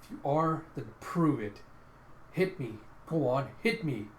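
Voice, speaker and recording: A man voicing a brash young male fighter who talks loud and excitable. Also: on the high side, measured pace. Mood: heated. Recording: echoey room.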